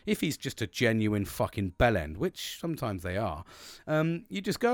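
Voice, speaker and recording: A man's voice: on the low side, very animated, moderate pace, dry recording, studio quality. A British man talking in a rambling, earnest monologue, swearing constantly. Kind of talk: casual monologue.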